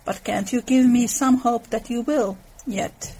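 A woman reading aloud the lines of an earnest young man who proposes and is hurt, in her husky voice. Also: a little high, measured pace, warm tone, poor audio. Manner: read aloud from a novel.

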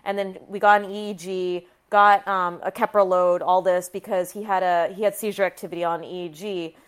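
A woman's voice: fairly low pitch, little pitch movement, moderate pace, clear, resonant tone. A woman physician, in her thirties, telling a personal story frankly and emotionally, often restarting her sentences. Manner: frank and emotional, with frequent restarts and some profanity.

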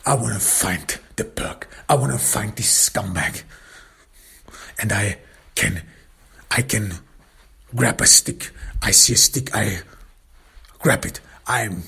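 Slow, gravelly, intensely angry male storyteller. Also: lowish voice, pushed and bright. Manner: intense, angry, breaks into whispers. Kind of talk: first-person dramatic story narration.

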